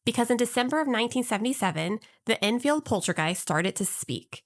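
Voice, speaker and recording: A woman's voice: a little high, lively intonation, a little fast, no echo, clean studio sound. A woman co-hosting a podcast, telling a story in a casual, wry and jokey way. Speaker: podcast co-host.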